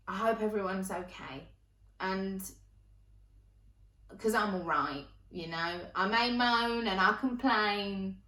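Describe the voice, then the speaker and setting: A woman performs a confessional comedy monologue from her sofa, candid and chatty with plenty of swearing. Her voice is bright and forward, picked up a little away from the mic in an echoey room. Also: medium pitch, recorded from a distance. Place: at home on a sofa.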